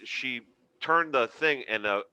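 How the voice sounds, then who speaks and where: Bright, animated storytelling man. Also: mid-range voice, slow pace, clean tone, no echo. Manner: animated storyteller acting out quoted voices. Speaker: comedian guest. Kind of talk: casual storytelling chat.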